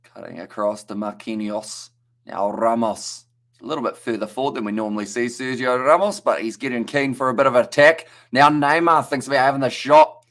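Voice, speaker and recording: Kiwi guy, young, casual live-reaction match commentator, chatty, mid-pitched voice. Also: fairly quick, a bit bright. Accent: New Zealand. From New Zealand. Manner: chatty play-by-play, reads out viewer chat, stumbles on names.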